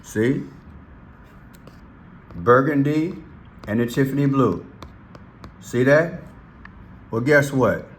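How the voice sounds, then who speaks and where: Male vlog host, mid-range voice, excitable, repetitive pointing-out delivery. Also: mid-range voice, slow pace, long pauses, slight background noise. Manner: excitable, repeats himself, points things out. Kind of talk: casual commentary video.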